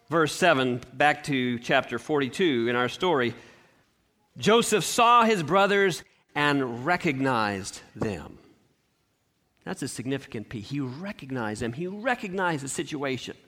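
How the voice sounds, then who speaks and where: A man preaching a sermon, telling a scripture story with expressive shifts and rhetorical questions. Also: fairly high pitch. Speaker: pastor.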